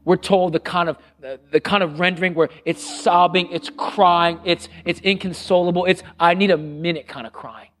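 A middle-aged man preaching a sermon as pastor, earnest and conversational, repeating phrases and dropping to a hush on solemn lines. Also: sits high, steady tone, moderate pace, hardly any pauses. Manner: drops to a hushed voice on solemn lines.

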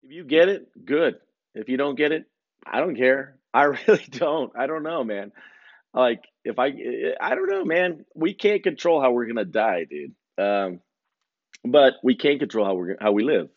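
A podcast host in his forties has a medium-pitched, very animated voice and a measured pace, heard on a lo-fi recording with no room sound. His casual monologue rambles, swears freely, and pokes fun at himself.

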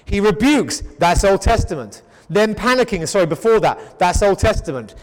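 A man's voice: high voice, very animated, normal speed, big-room sound. A man teaching the Bible in sermon style, emphatic and repetitive, often stammering as he restarts his sentences. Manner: emphatic, repetitive rhetorical build-ups.

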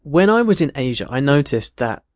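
A man's voice: mid-range voice, big pitch swings, moderate pace, no echo, clean studio sound. A man from the United Kingdom, an English teacher casually explaining and answering a listener's question in a thoughtful, conversational way. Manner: thoughtful, conversational, tells personal stories.

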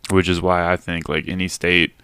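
A man's voice: sits low, little pitch movement, normal speed, bright, forceful tone, smooth, dry recording. A man chatting casually on a podcast, blunt and opinionated, rambling with lots of filler words.

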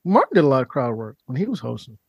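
A man's voice: mid-range voice, fast, gravelly, husky, no room sound, lo-fi sound. A man co-hosting a podcast, chatting casually and reading out listener chat comments. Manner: relaxed, reads chat comments, chuckles. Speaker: podcast co-host.

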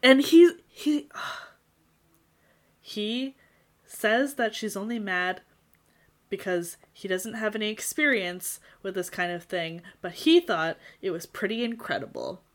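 A woman's voice: mid-range voice, expressive, a little slow. A woman in casual conversation, talking in an indignant, exasperated way, often breaking into laughter. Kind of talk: casual book discussion chat.

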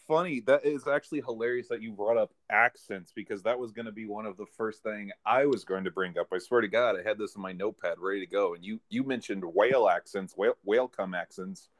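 A man co-hosting a podcast in crude casual banter, animated and joking, saying "dude" a lot. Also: on the low side, quick pace, hardly any pauses. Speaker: podcast co-host.

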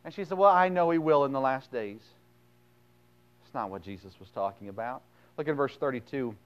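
Man preaching with loud, quiet swings. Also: mid-range voice, a little fast, clean tone, dull audio. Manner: reads scripture aloud then paraphrases it bluntly; dynamic, swings from loud emphasis to quiet asides. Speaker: pastor. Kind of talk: sermon.

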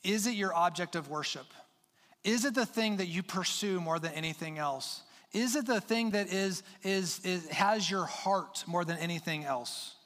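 A man preaching a sermon as pastor, earnest and urging, stressing his points with pauses and repeated words. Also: sits high, a bit bright, long reverb tail. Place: church sanctuary with long reverb.

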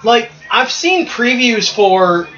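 High, bright laid-back podcast man. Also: very animated, slow pace, muffled recording. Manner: laid-back, cursing, laughs often. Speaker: podcast co-host. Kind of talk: casual banter watching wrestling.

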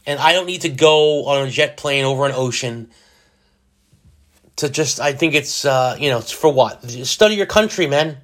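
At a moderate pace and in a somewhat bright, medium-pitched voice, a middle-aged man talks alone on his podcast despite having a cold. The monologue is loose and rambling, sprinkled with jokes at his own expense.

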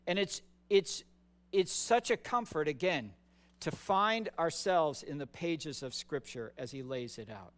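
A male pastor delivering a sermon in a notably high voice. He takes his time, speaking slowly and casually. He often doubles words for emphasis. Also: a bit bright. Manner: conversational and emphatic, repeats words.

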